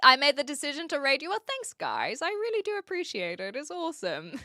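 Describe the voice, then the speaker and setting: A woman with a mixed New Zealand, Australian and British accent chats casually on a live stream, often giggling. Her voice sits high and swoops up and down with lots of life. The sound is bright and dry, close to the mic. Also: wildly swooping pitch, fairly quick, dry recording. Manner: giggly, reads viewer chat aloud. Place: attic.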